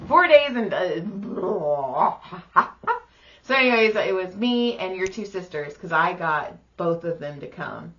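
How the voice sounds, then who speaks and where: A woman's voice: on the low side, expressive, takes it slowly, a bit bright, lo-fi sound. A woman co-hosting a podcast, telling stories in a blunt, profane, teasing way. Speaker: podcast co-host. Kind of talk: casual storytelling chat.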